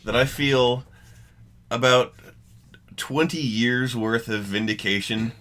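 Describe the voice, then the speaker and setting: A young man on a comedy podcast, giving long deadpan comic descriptions. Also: medium pitch, slow pace. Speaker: podcast co-host. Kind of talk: casual comedy chat.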